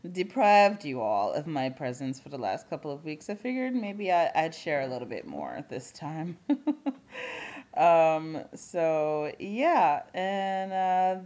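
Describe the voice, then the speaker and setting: A young woman with a slightly low voice chats casually to her camera. She rambles through her recent weeks with many "like"s, restarts and little laughs, easygoing and unscripted. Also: a little mellow. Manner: chatty, laughs often, lots of "like" fillers. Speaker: vlogger. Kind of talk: casual chat.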